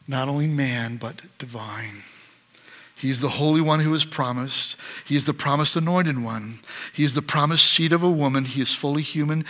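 Bright-voiced preaching man. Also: fairly high pitch. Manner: animated preaching, swings from loud emphatic to soft. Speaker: pastor. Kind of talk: sermon.

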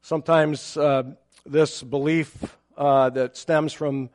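Man giving a measured Bible teaching. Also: on the high side, little pitch movement, a little mellow. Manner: measured explanatory teaching with fillers. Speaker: pastor.

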